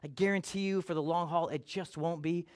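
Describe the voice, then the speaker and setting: A man delivers a sermon as a pastor, his voice sitting high for a man. He talks to the congregation in an easy, conversational way and slips into little acted voices for the people he quotes. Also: steady tone, a little fast.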